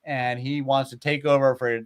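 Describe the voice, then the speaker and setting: A man retelling old myths in a casual, animated way, with lots of filler words, as a podcast host. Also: medium pitch, normal speed, smooth. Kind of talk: casual storytelling chat.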